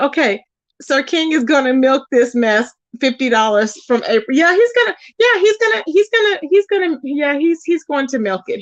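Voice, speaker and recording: Woman, live-stream host, casual chat, fairly high voice, dry slightly dull sound. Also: dry recording. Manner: chatty and animated, talks to chat, says "child" and "y'all".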